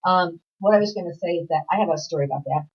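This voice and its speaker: A woman's voice: on the low side, quick pace, breathy edge. A middle-aged woman hosting a casual talk show, rambling through a joke story and laughing often. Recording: dull lo-fi public access TV audio.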